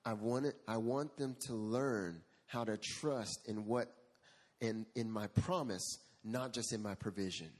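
Man voicing God, low and hushed. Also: slightly rough, full character voice. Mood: gentle. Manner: slow, hushed, deliberate questioning. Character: calm patient God speaking softly to a man.

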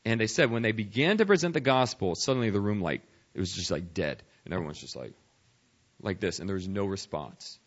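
A young man preaching a sermon as a missionary, telling stories with sudden drops to a hush and bursts of loud speech. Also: fairly low pitch, lively intonation, brisk, muffled recording. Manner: storytelling, dramatic swings from hushed to loud.

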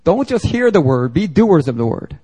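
A man's voice: on the high side, big pitch swings, moderate pace, dark tone, husky. Man from Philadelphia, pastor, lighter voice; punchy sermon delivery mixed with loose slangy banter to the congregation. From Philadelphia, United States. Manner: emphatic, conversational preaching with slang asides. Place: church service before a congregation.

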